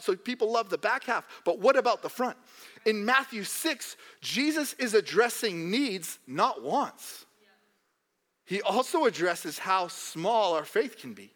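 A young man preaching a sermon in a church hall, joking and animated, putting on mock voices of doubters. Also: high-pitched, unhurried. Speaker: pastor.

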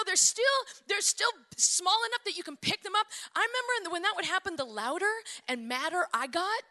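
A woman pastor giving a sermon, energetic and conversational, speaking straight to her listeners and at times dropping to a soft, quiet voice. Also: high-pitched. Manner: drops to a soft, quiet voice for tender stretches.

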